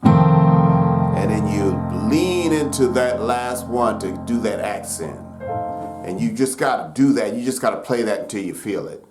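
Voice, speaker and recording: A man's voice: lowish voice, a little slow. Folksy man teaching piano, roomy echo. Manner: relaxed, folksy explaining with frequent fillers. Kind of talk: casual piano lesson. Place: room with piano.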